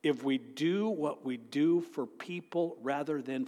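Man, pastor, dramatic sermon, high voice, long church reverb. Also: unhurried. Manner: dramatic preaching, swings from quiet near-whisper to loud exclaiming. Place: church sanctuary.

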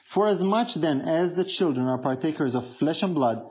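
A man's voice: fairly high pitch, animated, moderate pace, a little mellow. A man preaching a sermon, emphatic, often asking the congregation questions.

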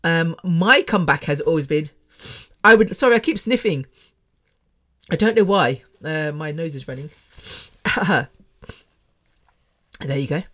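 A woman's voice: low-pitched, expressive, measured pace, pauses often, a bit bright. A middle-aged woman speaks into a microphone from her bedroom as the host of her own podcast. She rambles frankly and emotionally, laughing and restarting as she goes. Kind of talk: candid personal podcast monologue.

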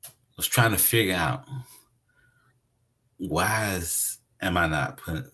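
A man's voice: deep voice, slow, pushed and bright. A man preaching a conversational sermon, emphatic and repeating his phrases for weight.

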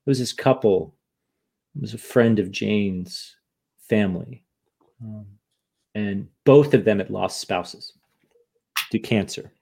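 Gravelly man speaking frankly in an interview. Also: on the low side, slow, long pauses, warm tone. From United States. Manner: frank and emotional, swears, restarts often. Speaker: podcast guest and author. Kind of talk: candid interview conversation.

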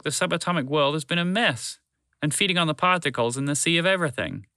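A man doing Shala, a lecturing female yellow dragon. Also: a little high, dry recording, clean studio sound, voice pushed up. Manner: lecturing, exasperated. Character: impatient know-it-all female yellow dragon.

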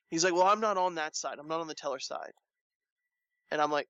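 A man talking in a casual chat, his voice sitting a bit high for a man. He tells his story with plenty of animation and puts on the voices of the people he quotes. The sound is dry and a little dull, as if from a modest lo-fi mic. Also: quick pace, dry recording. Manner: animated storytelling, acts out quoted lines with rising pitch.

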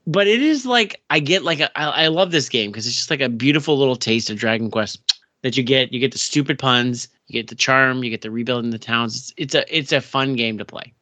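A man co-hosting a casual talk show about video games, rambling along with plenty of fillers and restarts. His voice is bright and forceful, and it sits dry and close to the mic. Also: mid-range voice, brisk, no echo.

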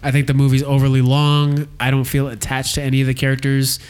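A man's voice: medium pitch, monotone, quick pace, darkish tone, clear, resonant tone. A man hosting a casual movie podcast, leading the segments and giving blunt opinions. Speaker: podcast host. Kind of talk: casual movie review chat.

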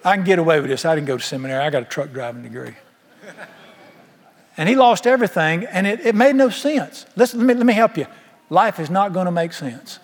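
A man's voice: high voice, animated, fast, in a large hall. A man preaching a sermon in a large church, folksy and emphatic, firing rhetorical questions at the congregation. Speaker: pastor.

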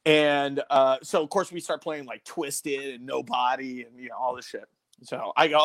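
A man, a former morning radio host, telling a story as a podcast guest in a casual, animated way, swearing freely. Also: normal speed, dry recording. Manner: animated, swears freely, big swings in pitch and loudness.

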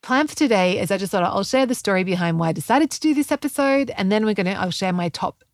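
A woman's voice: mid-range voice, expressive, fast talker, no room sound, clean studio sound. A middle-aged woman hosting a podcast as a health coach, talking in a chatty, rambling way with lots of fillers and self-corrections. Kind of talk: casual podcast chat.

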